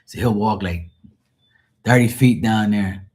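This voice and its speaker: A man's voice: on the low side, a little slow, darkish tone, a little hiss or hum. A man in his forties from Bermuda with a Bermudian accent, telling stories in blunt, profane casual chat on a live stream. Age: 40s.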